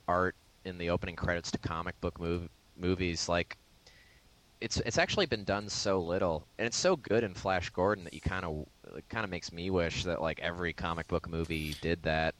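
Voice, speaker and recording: A man with a very low voice talking casually about movies. He chats loosely, laughs often and leans on fillers as he goes. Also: a bit bright, low-quality recording. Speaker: podcast co-host. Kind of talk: casual film discussion.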